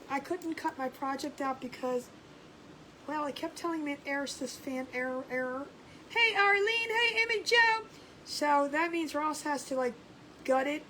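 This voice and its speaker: A woman's voice: high-pitched, a bit bright, slight background noise, low-quality recording. A woman hosting a casual craft livestream, chatting and greeting viewers by name and laughing often. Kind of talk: casual live-stream chat.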